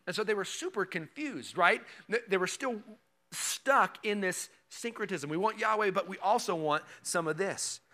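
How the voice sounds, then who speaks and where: A man preaching a sermon in a conversational, animated way, quoting scripture with emphasis. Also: sits high, normal speed. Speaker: pastor.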